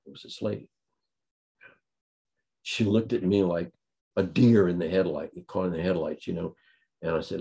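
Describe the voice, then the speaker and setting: A deep-voiced man speaks to a gathering as a guest speaker. He tells a funny story in a dry, deadpan way, letting the jokes land on their own. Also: normal speed, vocal fry, long pauses. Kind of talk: humorous anecdote at a talk.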